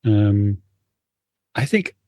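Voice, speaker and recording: A man playing a tabletop game, thinking out loud and weighing his options. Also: on the low side, very animated, drawn-out words, dry recording, studio quality. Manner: thoughtful, weighing options aloud. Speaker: player.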